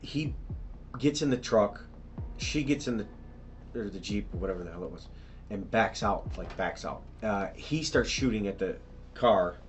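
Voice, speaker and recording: A man's voice: lowish voice, lively intonation, moderate pace, slight background noise. A middle-aged man recounting events to a detective in a police interview, in a tumbling, repetitive way with many restarts. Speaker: witness being questioned by police.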